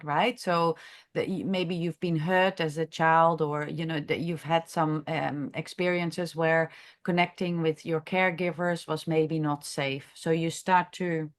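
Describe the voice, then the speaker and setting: A woman who is a chiropractor, leading a masterclass discussion in an unscripted, halting way, thinking aloud with many fillers and restarts. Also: on the low side. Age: adult, has a grown daughter. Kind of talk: unscripted teaching talk.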